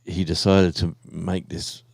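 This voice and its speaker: Deep-voiced Australian man streaming live. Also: flat delivery, a little slow, gravelly, dry recording, studio quality. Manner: rambling, chatty, easygoing. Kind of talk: casual live stream chat.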